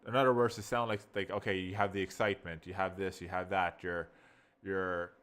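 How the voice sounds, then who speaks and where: Man, lowish voice, rambling, thinking aloud, casual software review. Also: level tone, brisk. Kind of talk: casual screen-recording review.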